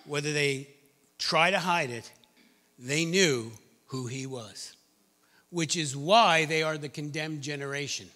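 A man preaching a lively sermon in a church, reading scripture aloud and adding joking asides. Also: a little high, a little slow, big-room sound. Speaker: pastor. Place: church sanctuary.

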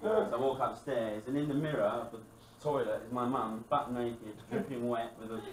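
A stand-up comedian who also hosts the show delivers a crude, wry set, mocking people in quoted voices. His voice is medium-pitched and fairly even at a moderate pace, with a little hiss or hum. The live comedy venue is echoey, with loud music and a distant mic.

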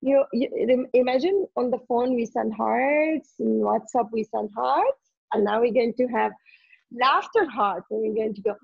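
A woman's voice: fairly high pitch, a little slow, vocal fry, slightly rough, no echo, lo-fi sound. A woman leading a group laughter yoga session over a video call, laughing often and encouraging everyone cheerfully.

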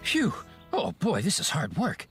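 A man's voice: a little high, wildly swooping pitch, unhurried. An actor playing a kindly older grandfather, cheerful and chatty with old-fashioned turns of phrase, in a cartoon. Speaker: Bob's father. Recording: cartoon soundtrack with loud music.

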